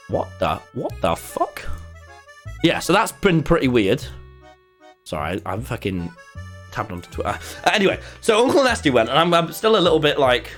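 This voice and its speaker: A young man spins a rambling tale to his stream chat, swearing as he goes. His pitch leaps up and down, and faint music plays softly behind him. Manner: animated, rambling, swears often. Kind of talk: live-stream storytelling to chat. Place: home streaming room.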